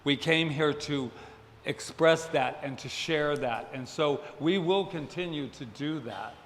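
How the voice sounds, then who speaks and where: Male spiritual center leader, casual and jokey, slightly higher voice, reverberant hall. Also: measured pace, slight background noise. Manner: joking, self-deprecating, talks to the congregation. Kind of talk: casual church announcements. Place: church hall. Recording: echoey hall, faint ambience.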